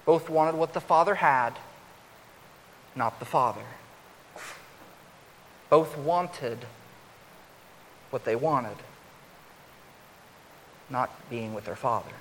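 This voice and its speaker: A man preaching a sermon, growing louder and higher as he acts out the older son's complaint. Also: slow, long pauses. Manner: rises loud and high when acting out the older son's complaint. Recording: long hall reverb with faint hiss.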